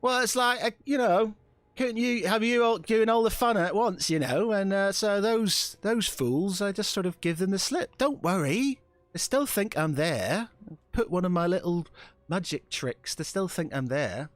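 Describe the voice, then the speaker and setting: A man putting on a cheeky young Cockney woman, a stowaway rogue caught hiding in a cargo box. Her voice jumps far above the narrator's own, high and breathy with pleading. The recording is dry and close. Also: animated, a little slow, no room sound, natural voice.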